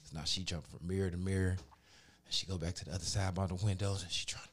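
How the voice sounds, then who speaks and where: A man telling a story in casual podcast chat, profane and animated, acting out the people he quotes. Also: low-pitched, quick pace, a little hiss or hum.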